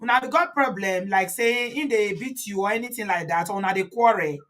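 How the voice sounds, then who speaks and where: A Nigerian woman hosting a phone interview, speaking in a calm, soothing manner. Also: medium pitch, brisk. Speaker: host.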